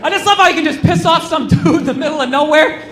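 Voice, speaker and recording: A man doing a stand-up comedy set in front of a crowd, ranting loudly and sarcastically, often shouting. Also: extremely high pitch, fast. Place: comedy club stage with a laughing crowd. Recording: echoey room with crowd noise.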